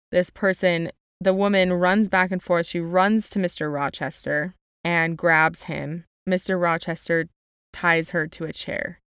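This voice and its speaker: A woman's voice: on the low side, a bit bright, clean tone, dry recording, clean studio sound. A young woman summarizing a novel in a chatty, casual way, with lots of "like" and quotes read aloud. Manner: chatty, uses "like" a lot, reads quotes aloud.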